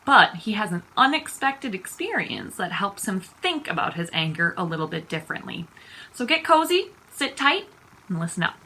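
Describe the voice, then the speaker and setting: A woman teacher reading a children's picture book aloud, expressive and unhurried. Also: medium pitch, slightly rough, rough recording. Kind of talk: storytime read-aloud.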